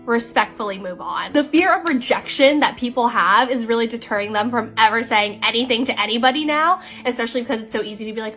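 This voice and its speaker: Chatty young woman over soft music. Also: a little high, fairly quick, hardly any pauses. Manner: chatty, full of "like" fillers. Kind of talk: casual talking-to-camera video.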